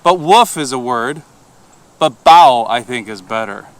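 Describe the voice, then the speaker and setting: A man's voice: mid-range voice, animated, a little slow. A middle-aged Italian man with an Italian accent, a language instructor chatting casually and joking about animal noises. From Italy. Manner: jokey, playful, imitates animal noises. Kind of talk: casual chat.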